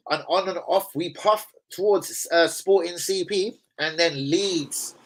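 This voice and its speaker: A man hosting a casual live stream, sweary and rambling as he shouts out his viewers. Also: high-pitched, measured pace, hardly any pauses, rough recording. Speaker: live-stream host and football fan. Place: home room with a laptop. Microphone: laptop setup.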